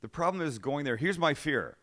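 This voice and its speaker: Man, show host, casual chat, self-deprecating, animated storytelling. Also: on the high side, a little fast.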